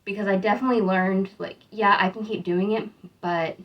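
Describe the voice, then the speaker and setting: A woman's voice: medium pitch, fairly even intonation, a little fast, muffled recording. A young American woman chatting casually in a vlog, rambling and upbeat, sounding tired. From United States. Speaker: vlogger.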